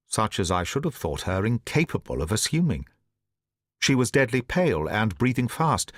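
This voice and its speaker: A man narrating an audiobook in the first person, with measured, deliberate storytelling. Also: on the low side, fairly bright tone, dry recording, studio quality.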